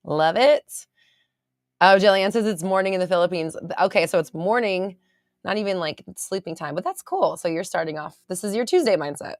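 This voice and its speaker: Chatty valley-girl woman podcast host, slightly low voice, dry close recording. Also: lively intonation, normal speed, no room sound. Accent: American valley girl. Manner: bubbly, chatty, lots of fillers and laughs. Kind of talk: casual livestream chat reading viewer comments. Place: home studio.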